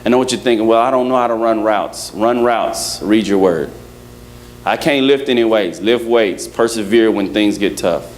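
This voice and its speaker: A man's voice: lowish voice, moderate pace, slight background noise. Playful male preacher. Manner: playful, acts out quotes, laughs with congregation. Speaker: pastor. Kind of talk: sermon. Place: church service.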